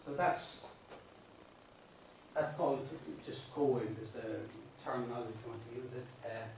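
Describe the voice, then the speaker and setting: An Irish singing teacher in a classroom explains verse patterns to his workshop with patience, often starting over and breaking into sung lines. His mid-range voice is steady, a little mellow and at normal speed. He sits off-mic from a distant room mic, so the room echoes heavily and there's slight background noise.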